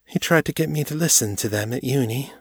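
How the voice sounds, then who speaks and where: A young leopard woman from an audiobook, as a male narrator puts her on, pitched higher than his own voice. Her voice quavers and sounds small and hollow, yet she keeps her composure. The recording is dry and close. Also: a little fast, breathy edge, no room sound. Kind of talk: audiobook character voice.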